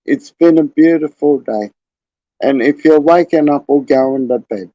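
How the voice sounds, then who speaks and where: A man's voice: a little high, a little slow, dark tone, no room sound, muffled recording. An Australian man in his forties, rambling casually and chuckling often as he hosts his livestream. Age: 40s. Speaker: livestream host.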